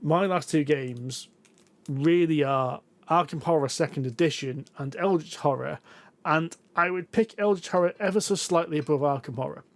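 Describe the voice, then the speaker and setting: A man's voice: fairly high pitch, moderate pace, no room sound. A man, co-hosting a board game podcast, chatting casually and telling stories with self-deprecating rambling. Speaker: podcast co-host. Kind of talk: casual chat about board games.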